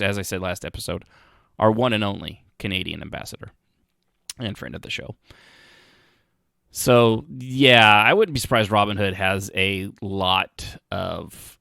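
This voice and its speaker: A man's voice: deep voice, vocal fry, bright, forceful tone, dry recording, studio quality. A man hosting a podcast, rambling through casual commentary with sarcastic asides and frequent restarts. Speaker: podcast host.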